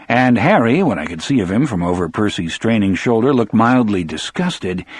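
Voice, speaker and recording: Husky low-voiced male audiobook narrator. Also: no echo. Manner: dramatic, storyteller delivery. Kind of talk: first-person audiobook narration.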